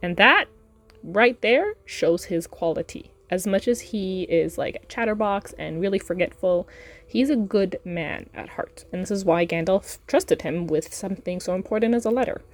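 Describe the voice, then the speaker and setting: A woman's voice: mid-range voice, lively intonation, normal speed, soft background music. A woman hosting a podcast, chatting casually about a book reread with laughs and fillers. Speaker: podcast host.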